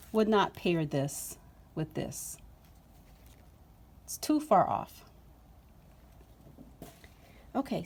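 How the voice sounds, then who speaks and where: An excitable woman vlogger talks to her viewers while unboxing, gushing over each detail. Her pace is slow and drawn out, and her pitch sits in an ordinary middle range. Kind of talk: casual unboxing chat to camera.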